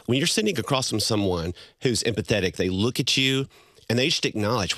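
Lively, laughing middle-aged man. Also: mid-range voice, brisk, no room sound, clean studio sound. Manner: animated, laughs often, acts out quotes. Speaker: guest speaker on marriage. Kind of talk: conversational storytelling.

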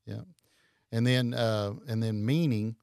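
Gravelly low-voiced man, halting talk. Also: fairly even intonation, a little mellow, no echo, clean studio sound. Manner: hesitant, halting with many fillers and restarts. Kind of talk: casual chat.

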